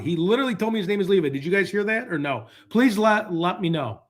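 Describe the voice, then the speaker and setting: A man's voice: on the high side, lively intonation, quick pace, hardly any pauses, husky. Rambling man hosting a live stream. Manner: rambling, talks to chat while searching online. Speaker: livestream host. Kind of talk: casual livestream chat.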